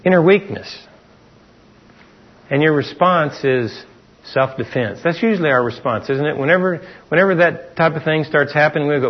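Husky-voiced man preaching a conversational sermon. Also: on the high side, moderate pace. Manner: conversational preaching with rhetorical questions and acted-out quotes. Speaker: pastor. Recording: dull lo-fi sermon recording.

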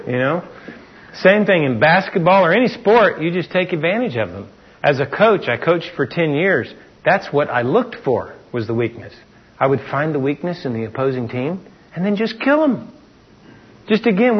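Husky-voiced man preaching a conversational sermon. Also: on the high side, expressive, normal speed. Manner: conversational preaching with rhetorical questions and acted-out quotes. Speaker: pastor. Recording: dull lo-fi sermon recording.

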